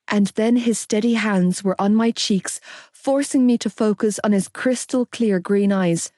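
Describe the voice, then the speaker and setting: A woman narrating a romance audiobook in the first person, expressive and unhurried. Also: medium pitch, dry recording, clean studio sound.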